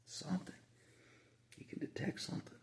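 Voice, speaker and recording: A man's voice: normal speed, whispered. A man talking casually to the camera in a rambling monologue, repeating himself with frequent asides.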